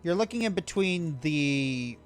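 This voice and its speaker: A man's voice: on the high side, lively intonation, a little slow, soft background music. A man running a tabletop game as game master, laid-back and hesitant, with many fillers. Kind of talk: narrating a tabletop game over voice chat.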